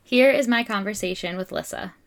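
A woman's voice: medium pitch, brisk. A young woman hosting a book podcast, chatting enthusiastically with her guest. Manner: enthusiastic, gushing. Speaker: podcast host. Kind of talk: casual interview chat.

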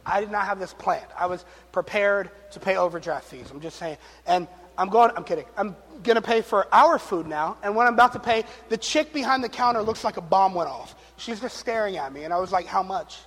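A man's voice: high-pitched, fairly quick, few pauses. A man preaching a sermon, telling a story and acting out the people in it, with jokes along the way. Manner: animated, acts out quotes, jokes and laughs. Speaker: pastor. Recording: long reverb of a large hall.

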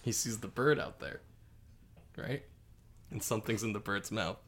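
A man's voice: fairly low pitch, moderate pace, a bit bright. A man co-hosting a podcast, telling a long shaggy-dog joke in a rambling way, full of likes and rights. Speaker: podcast co-host. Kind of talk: casual joke-telling chat.

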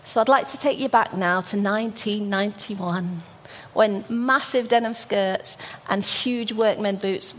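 A woman's voice: medium pitch, measured pace, slight background noise. A woman in her forties from Birmingham, giving a church sermon as a story, with frequent ums and restarts. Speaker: church speaker.

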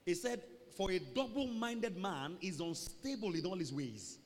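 A man preaching a sermon as pastor, animated, swinging from booming shouts to low mocking asides. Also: a little slow. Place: church hall. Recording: reverberant church hall.

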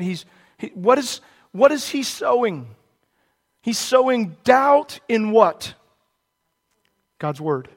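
A man preaching a sermon, emphatic, and often putting questions to his listeners. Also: very high-pitched. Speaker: pastor.

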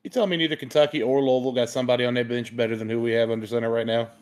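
A man on a loose sports podcast who curses freely and vents his frustration about football. His voice sits at an ordinary pitch, and his talk is blunt and rough-edged. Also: level tone, racing, over a noisy crowd. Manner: blunt, profane, exasperated. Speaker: podcast co-host. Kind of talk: casual sports chat.

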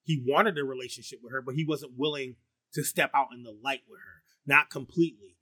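A middle-aged man with a baritone voice rambles through a loose, profane podcast chat, stoned and full of "like" and "um." His pitch sits mid-range, and the sound is dry and close to the mic. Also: fairly even intonation, a little fast, pushed and bright, slightly rough, no echo. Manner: rambling and profane, heavy with fillers and restarts. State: high on marijuana. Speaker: podcast co-host. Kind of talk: casual chat.

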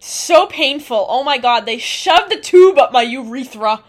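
A woman's voice: high voice, animated, measured pace, few pauses. A young woman co-hosting a casual chat podcast, telling a story in a rambling way and laughing often. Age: young adult. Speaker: podcast co-host.

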